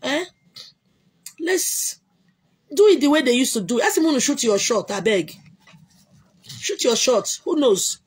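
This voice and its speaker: Husky Nigerian woman, emphatic livestream chat. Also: sits high, sing-song, moderate pace. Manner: emphatic, repetitive, bursts of loud exclamation. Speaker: livestream host answering comments. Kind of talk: casual chat.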